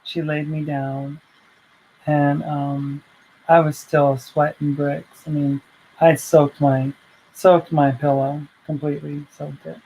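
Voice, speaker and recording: A woman's voice: low-pitched, level tone, slow, dark tone, a little hiss or hum, low-quality recording. A woman vlogger telling a personal story in a heartfelt, rambling way, full of fillers and restarts.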